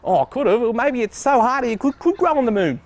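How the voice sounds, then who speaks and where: A man playing the goofy sidekick, tossing out silly jokey questions. His voice sits very high for a man and swings up and down, with faint traffic outdoors behind him. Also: lively intonation, a little fast. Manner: goofy, playful, cracks silly jokes. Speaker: co-host asking questions. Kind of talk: tongue-in-cheek comedic banter. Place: outdoor plant nursery.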